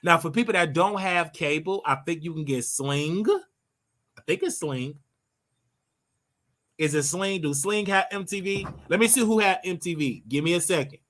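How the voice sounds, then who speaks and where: A man's voice: a little high, normal speed, a bit bright. An older man hosting his own show, giving a brash, scolding commentary monologue and drawing out words for emphasis. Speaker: show host.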